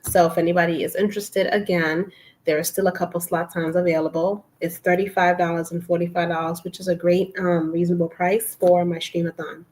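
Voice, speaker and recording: A woman with a slightly low voice and a lilt hosts a casual live stream on a computer mic. She reads affirmations aloud in a slow, soft cadence and breaks off to encourage her viewers by name. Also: level tone, poor audio. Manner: reads affirmations slowly and softly, warm encouraging asides. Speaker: livestream host reading affirmations.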